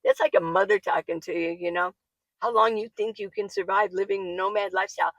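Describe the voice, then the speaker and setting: Gravelly-voiced woman chatting about van life. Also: mid-range voice, a little fast, no echo, poor audio. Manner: chatty, laughs often, gets worked up. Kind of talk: casual talk to camera, reading viewer comments. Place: living in her minivan.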